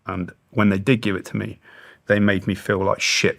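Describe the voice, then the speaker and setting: A man's voice: on the low side, flat delivery, normal speed, creaky, a bit bright. A British man in his thirties telling his story in an interview, blunt and intense, swearing heavily. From Britain. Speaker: guest, former special forces soldier.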